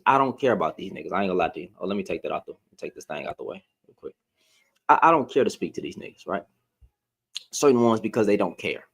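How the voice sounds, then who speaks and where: A man ranting to his followers in a blunt, heated, profane way, repeating himself and restarting lines as he gets worked up. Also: fairly low pitch. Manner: blunt, heated, profane, rising to exasperated outbursts. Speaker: social media commentator. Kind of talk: heated casual rant to followers.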